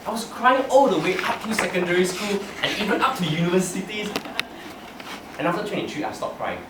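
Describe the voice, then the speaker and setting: A lively young man with a slightly high, swooping voice tells funny stories about himself and often laughs mid-sentence. He is heard from some distance in an echoey meeting room, with clear background noise. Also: fairly quick. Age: young adult. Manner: animated storyteller, laughing through his lines. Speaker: club speaker giving a personal speech. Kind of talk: humorous prepared speech. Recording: echoey room from far off, noisy.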